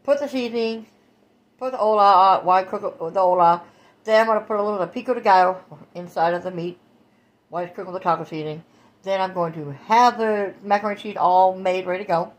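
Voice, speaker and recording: A woman vlogger talking to her viewers in a loose, chatty way. Her voice sits at a middling pitch. She stretches out phrases and calls everyone baby and y'all. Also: fast. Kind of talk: casual chat to viewers.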